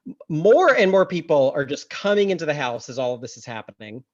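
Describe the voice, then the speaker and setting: A woman co-hosting a podcast, recapping a film in casual chat, animated and laughing often, swearing in outrage. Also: low-pitched, brisk. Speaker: podcast co-host. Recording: slightly dull lo-fi audio.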